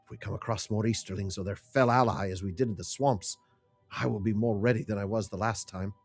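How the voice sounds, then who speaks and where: A man's voice: lowish voice, brisk, gravelly, darkish tone, breathy edge, soft background music. A man reading a blunt, loyal warrior's quest lines in a formal, solemn way.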